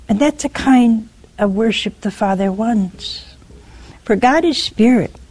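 A woman preacher delivering a sermon, talking straight to her listeners and asking them questions. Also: mid-range voice. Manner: animated, questioning the listeners directly.

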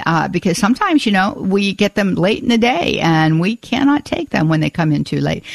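A woman's voice: mid-range voice, gravelly, dry recording. Chatty woman hosting call-in radio. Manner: chatty, with frequent filler uhs and restarts. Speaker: radio talk show host. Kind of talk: live call-in radio talk.

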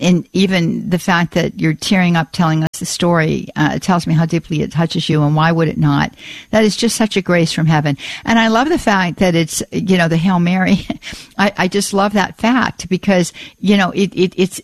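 A woman hosting a call-in radio show, effusive and warm with praise, often repeating her words, on a studio mic. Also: lowish voice, dry recording. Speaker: radio talk show host.

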